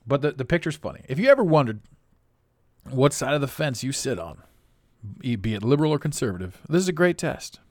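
A podcast host speaks a little fast in a casual, meandering monologue, frequently laughing at his own remarks. His pitch moves in animated swings, and the clean studio recording carries no echo.

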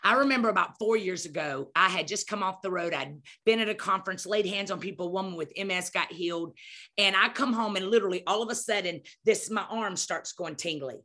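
A woman's voice: mid-range voice, brisk, pushed and bright. A middle-aged woman telling a story with emphatic, preacherly energy, acting out scenes as she goes. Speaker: podcast guest speaker. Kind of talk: animated storytelling.

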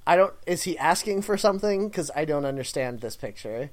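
A man's voice: on the high side, animated, brisk. A man co-hosting a podcast, joking wryly through casual banter and chuckling often. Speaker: podcast co-host.

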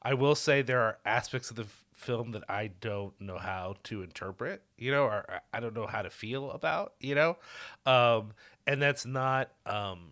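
A man's voice: mid-range voice, moderate pace, fairly bright tone. A man on a film podcast talking in a rambling, self-interrupting way, enthusiastic about the movie. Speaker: podcast guest. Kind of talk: casual film discussion.

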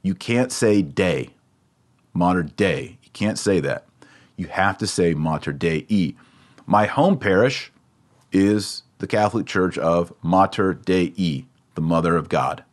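Deep-voiced man teaching Latin prayer. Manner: patient, repeats words slowly to drill pronunciation. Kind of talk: casual spoken lesson.

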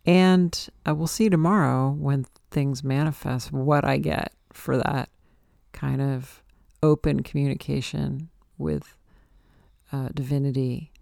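A woman's voice: rumbling low, steady tone, slow, gravelly, a little mellow, no room sound, clean studio sound. A tired woman podcast host in a rambling, reflective spiritual monologue, breaking into exasperated quoted outbursts.

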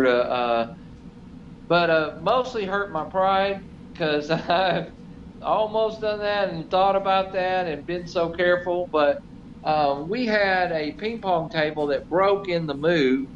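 A middle-aged man telling a self-deprecating story in casual chat, rambling with many fillers. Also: fairly high pitch. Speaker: show regular. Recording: slightly dull, faint noise.

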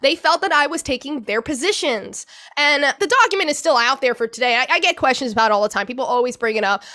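A young woman recounting a painful personal ordeal as an interview guest, emotional and halting, with many restarts and some swearing. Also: high-pitched, animated, bright, forceful tone. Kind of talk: personal account in a podcast interview.

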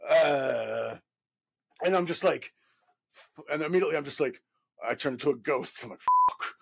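A man in his thirties from New York, a guest actor telling a profane, animated story full of fillers. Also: a little high, normal speed, gravelly, husky. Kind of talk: casual anecdote telling.

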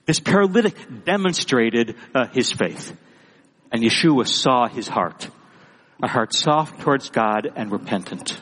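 A pastor preaching a sermon with emphatic, repeated phrases. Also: male voice, mid-range voice, expressive, unhurried, fairly bright tone, big-room sound, low-quality recording.

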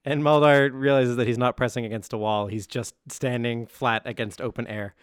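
A man's voice: medium pitch, fairly even intonation, moderate pace, smooth, no room sound, clean studio sound. A man describing his character's actions at a tabletop game, matter-of-fact. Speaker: player.

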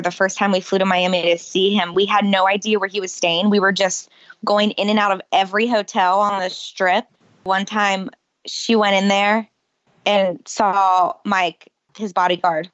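A woman telling personal stories as a guest in a casual interview, lively and often laughing. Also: medium pitch, no echo, lo-fi sound.

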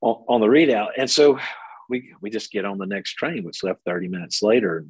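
A man's voice: lowish voice, expressive, a little fast, a little mellow, husky, no room sound, rough recording. A man telling a travel story as a podcast guest, acting out the people he quotes. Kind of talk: casual storytelling.

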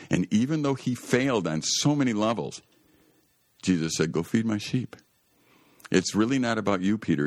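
A man's voice: sits low, darkish tone, no echo, studio quality. A man hosting a Christian radio talk show, telling a Bible story in an earnest, emphatic way that often rises to exclaim.

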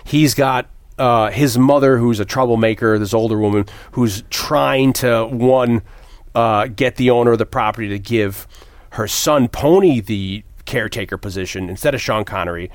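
A man's voice: medium pitch, normal speed, dry recording, studio quality. A man co-hosting a casual movie chat, rambling and profane, with many restarts. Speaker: podcast co-host.

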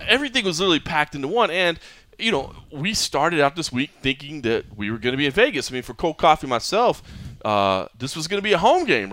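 Bright-voiced man hosting a podcast. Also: medium pitch, no room sound. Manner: animated storyteller, acts out others' lines. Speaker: podcast host. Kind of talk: casual podcast chat.

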